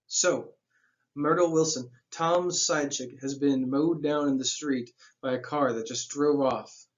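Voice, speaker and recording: A man's voice: mid-range voice, steady tone, measured pace, highs cut off. A man reading a novel aloud as a teacher, breaking off for casual asides that explain the plot in plain slang.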